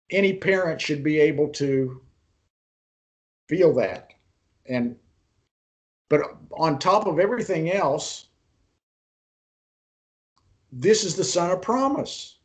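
A man teaching an online Bible interpretation class, retelling a story unhurriedly with pauses and restarts, and putting questions to his students. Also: on the high side.

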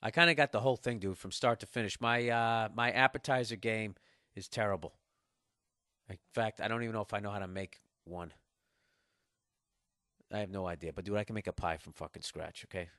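A man's voice: lowish voice, fairly quick, pauses often, sharp tone, dry recording, clean studio sound. A man in his forties with a Boston accent, hosting a casual solo podcast and ranting in a profane, mock-aggressive, bragging way. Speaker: podcast host. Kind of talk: casual solo podcast rant reading listener email.

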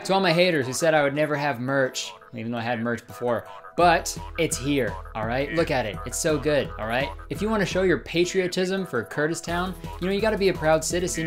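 A young man giving comic commentary in an excitable, sarcastic way, swearing often. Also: fairly high pitch. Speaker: comedy YouTuber. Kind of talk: comedic commentary.

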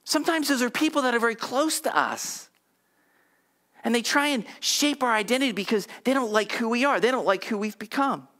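A man's voice: very high voice, a little fast, pushed and bright. A male pastor preaching a conversational sermon, leading the congregation in repeated affirmations. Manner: conversational, repetitive affirmations, audience call-and-response.

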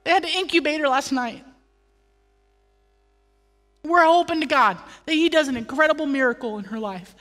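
A woman's voice: sits high, normal speed, long pauses, a bit bright, long reverb tail. A woman pastor preaching a sermon with passion, building to emphatic declarations and dropping in humorous asides. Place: church.

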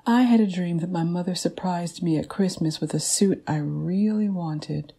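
A woman's voice: lowish voice, normal speed, gravelly, dark tone, breathy edge. A woman reading aloud the words of a grown woman recounting a childhood dream, in a plain storytelling manner.

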